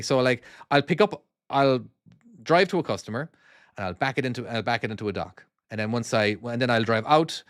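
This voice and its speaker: A mid-range male voice, dry and cleanly recorded as in a studio, belongs to an Irish ex-trucker from Cork. Streaming a trucking game, he chats casually with viewers and reads their messages, rambling, restarting sentences and checking in with "all right?"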